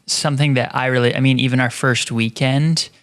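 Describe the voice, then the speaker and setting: A young adult man co-hosting a podcast, soft-spoken and gentle in casual chat. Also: mid-range voice, steady tone, brisk, clear, resonant tone, no echo, studio quality. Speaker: podcast co-host.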